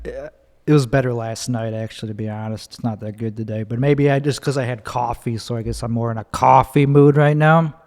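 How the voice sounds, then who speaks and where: A man's voice: medium pitch, steady tone, a little fast, a little mellow, big-room sound. A young man, hosting a solo podcast, talking in a sarcastic, profane ramble and acting out other people's voices. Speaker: podcast host.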